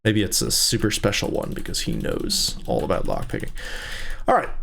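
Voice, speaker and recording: Chatty man with a lively pitch. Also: moderate pace, creaky. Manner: chatty, rambling, amused asides. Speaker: let's play host. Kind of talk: casual gameplay commentary.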